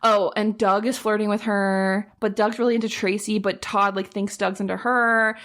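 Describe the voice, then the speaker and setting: A woman's voice: mid-range voice, level tone, normal speed, fairly bright tone. Chatty young woman recapping a book. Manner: chatty, fills with "like", acts out characters' lines. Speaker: podcast co-host. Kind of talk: casual chat recapping a book plot.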